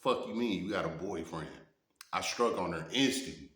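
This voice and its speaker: A man's voice: sits low, normal speed, fairly bright tone. A man in his thirties telling stories in a blunt, profane way, a vlogger who often asks his viewers "you know what I'm saying". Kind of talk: casual storytelling monologue. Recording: echoey room.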